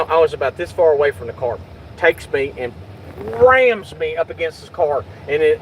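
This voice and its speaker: A middle-aged man talks agitatedly and swears while chatting in a vehicle, loudly acting out what others said. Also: on the high side, slight background noise, low-quality recording. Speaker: YouTube channel host. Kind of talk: casual vlog chat in a car.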